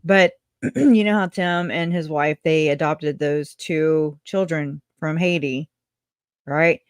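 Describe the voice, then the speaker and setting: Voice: mid-range voice, slow pace, clear, resonant tone, no room sound, studio quality. Mocking, blunt reaction commentator. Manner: mocking, blunt, swears freely.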